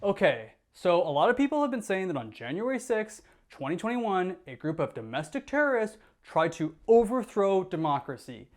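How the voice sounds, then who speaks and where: Comedian, male, sketch voice, many quick characters, everyday tone. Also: high voice, sing-song. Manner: switches between many put-on characters.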